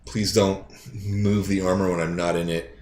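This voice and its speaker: Brief: deep-voiced male player, chatty and joking, echoey room with faint hiss. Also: moderate pace. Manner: joking, lively storytelling. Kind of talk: playing a tabletop game.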